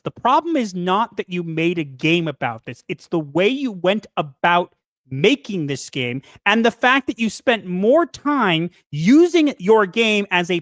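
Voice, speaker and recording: A woman's voice: on the low side, no echo, studio quality. A woman co-hosting a commentary show, arguing her point in a sarcastic, argumentative way. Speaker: co-host.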